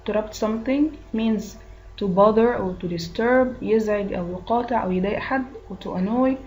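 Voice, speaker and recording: A woman's voice: medium pitch, quick pace, darkish tone, lo-fi sound, slight background noise. A woman English teacher with an Egyptian accent and Arabic as her first language, patiently going through answer choices and explaining words. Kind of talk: recorded English lesson.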